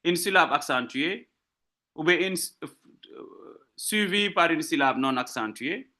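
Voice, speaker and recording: Lively bright-voiced male lecturer. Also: on the high side, a little slow. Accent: French-speaking West African. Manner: explains patiently with repeated rhetorical questions; switches between French and English. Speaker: literature lecturer. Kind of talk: live online lecture.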